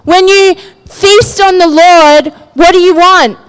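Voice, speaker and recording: A woman's voice: extremely high pitch, fairly even intonation, takes it slowly, poor audio. A woman giving a sermon in a conversational way, often asking her listeners "right?" and "yeah?". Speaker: preacher.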